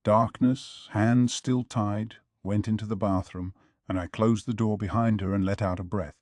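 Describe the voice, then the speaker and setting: A man narrating a light novel audiobook in the first person, with a wry, measured delivery. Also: fairly low pitch, fairly even intonation, darkish tone, dry recording.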